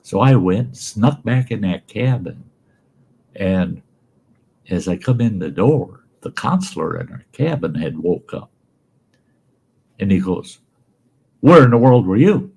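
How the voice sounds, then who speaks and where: Gravelly deep-voiced folksy storyteller man. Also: expressive, slow pace, pauses often, warm tone. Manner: folksy and salty. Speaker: storyteller host.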